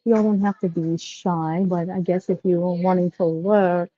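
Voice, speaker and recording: Woman vlogger, folksy and rambling, low voice, dry close audio. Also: fairly even intonation, normal speed, no room sound, lo-fi sound. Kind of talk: casual shopping vlog. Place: store.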